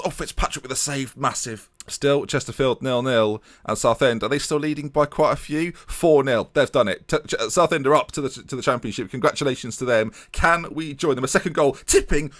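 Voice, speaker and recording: A young man giving chatty, animated commentary on his own game play, talking to his viewers and laughing often. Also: mid-range voice. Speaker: gaming YouTuber. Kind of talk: casual let's-play commentary.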